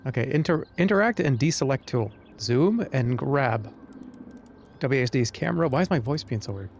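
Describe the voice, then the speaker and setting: A man's voice: medium pitch, expressive, normal speed, slight background noise. A man streaming a game live, chatting to viewers in a joking, rambling way. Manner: joking, rambling, talks to chat. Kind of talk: live-stream gameplay commentary.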